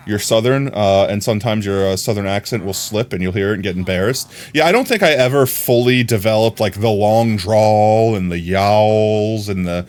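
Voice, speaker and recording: A man with a mild New York accent, chatting casually as a streamer while he plays, rambling, repeating words and laughing often. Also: on the low side. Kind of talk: casual chat while gaming.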